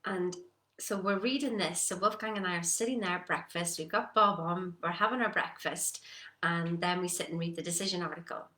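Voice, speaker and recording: A woman giving a casual motivational talk, animated and acting out her own doubts. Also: fairly low pitch, brisk. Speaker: personal development coach. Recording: echoey room.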